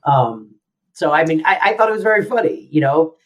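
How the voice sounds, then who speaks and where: A woman's voice: deep voice, sing-song, brisk. A woman from Florida co-hosting a podcast, chatting casually and ranting in exasperation about a sitcom. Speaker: podcast co-host. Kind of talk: casual chat recapping a sitcom.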